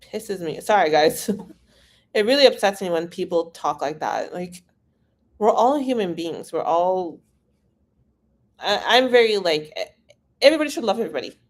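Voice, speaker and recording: A woman's voice: fairly low pitch, expressive, normal speed, pauses often. Frank woman hosting a live Q&A. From Iran. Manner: frank, casual, reads viewer questions aloud. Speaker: immigration consultant. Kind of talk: live-stream Q&A.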